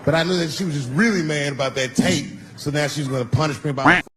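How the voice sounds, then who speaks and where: On a live stage with a handheld mic, a middle-aged comic delivers a brash, crude stand-up set of crude punchlines and mocking asides. He talks at a quick pace, his voice on the high side. A crowd can be heard in the background of the live recording.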